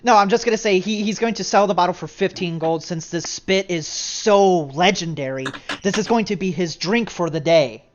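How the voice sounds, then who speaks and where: Casual woman narrating a tabletop game. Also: fairly low pitch. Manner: quick, casual narration with many fillers. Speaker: game master. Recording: dull lo-fi with faint music.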